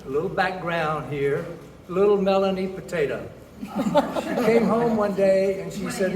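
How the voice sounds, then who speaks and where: A man with a high voice tells a playful comic story to a gathering. He sounds roomy and distant, with faint noise behind him. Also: moderate pace, darkish tone. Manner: playful, narrating with put-on voices. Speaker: guest speaker. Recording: echoey hall from far off.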